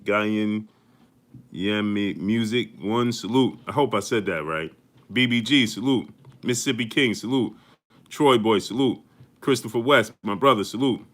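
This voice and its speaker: Bright-voiced man hyping a live stream. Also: lowish voice, moderate pace. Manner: energetic, greets viewers one by one with slang. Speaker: host of a boxing live stream. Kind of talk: casual live-stream shout-outs.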